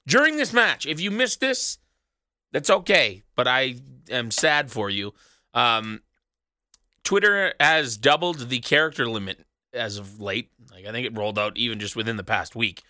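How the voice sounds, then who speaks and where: A man recaps wrestling on his own in a small booth, sarcastic and rambling, with a casual habit of swearing. His voice is bright and forceful, and it is recorded very dry and close. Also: mid-range voice, lively intonation, moderate pace, dry recording. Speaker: wrestling podcast host. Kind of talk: solo recap chat. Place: small studio booth alone.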